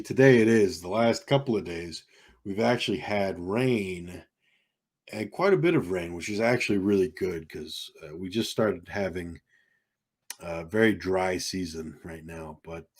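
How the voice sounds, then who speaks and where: A man's voice: low-pitched, unhurried, darkish tone. A man hosting a casual livestream from a home desk microphone, rambling with lots of ums and uhs. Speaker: livestream host. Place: home streaming setup in California. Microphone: desk microphone with keyboard behind it.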